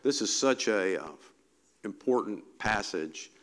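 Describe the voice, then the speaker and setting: A man's voice: lowish voice, lively intonation, measured pace, a bit bright. A man preaching a sermon in a conversational, reflective way, often repeating key phrases for emphasis.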